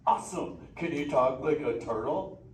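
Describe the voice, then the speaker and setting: A man's voice: a little high, lively intonation, moderate pace, lightly acted. A man voicing a chill young male sea turtle who talks in surfer slang, joking with a live audience. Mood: playful. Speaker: live interactive show character. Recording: echoey theater recorded from far off.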